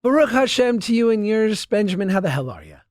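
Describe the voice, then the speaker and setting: A man's voice: sits high, big pitch swings, brisk, a little mellow, dry recording, studio quality, faint music behind. A man co-hosting a podcast, telling a funny story playfully and acting out quoted lines. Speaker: podcast co-host. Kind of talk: casual comedic storytelling.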